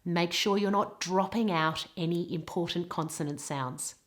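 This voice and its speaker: Slow, carefully enunciating British woman teacher. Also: on the low side. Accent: British English. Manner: slow, carefully articulated, modelling words. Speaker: pronunciation teacher. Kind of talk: pronunciation lesson.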